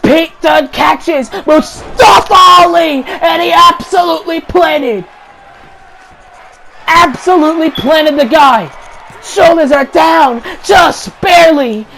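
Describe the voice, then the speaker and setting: A man with a very high-pitched voice calls wrestling action play-by-play over a video game. He gets loud and excitable on the big moves and repeats each call for emphasis. A faint arena crowd and light noise sit in the background. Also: gravelly, low-quality recording. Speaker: YouTube gaming channel host.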